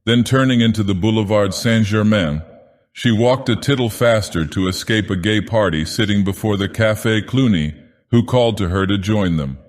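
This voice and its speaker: Grave theatrical storyteller, man, very low voice, long hall reverb. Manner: slow, grave theatrical villain persona. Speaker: audiobook narrator. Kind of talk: scripted storybook narration.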